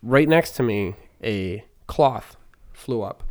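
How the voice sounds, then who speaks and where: Low-voiced man telling a long story. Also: lively intonation, slow pace. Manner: rambling, lots of fillers and restarts. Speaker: podcast co-host. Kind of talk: casual chat, storytelling.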